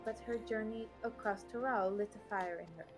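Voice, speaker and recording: Woman reading a soft-spoken explorer mom, slightly high voice, game story read live. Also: moderate pace, music in the background, lightly acted. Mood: wistful. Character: warm older mother, adventurous explorer woman.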